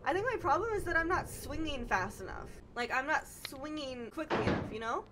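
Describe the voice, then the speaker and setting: A woman's voice: high-pitched, expressive, brisk, noisy background. A young woman streamer chatting casually with her viewers, giggling often.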